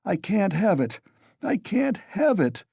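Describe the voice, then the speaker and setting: A male narrator voicing an overwrought young man whose speech comes in agitated, insistent bursts. His pitch sits well above the reader's own and swings widely. The sound is dry and close. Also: animated, measured pace, dark tone, no echo. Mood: irritable.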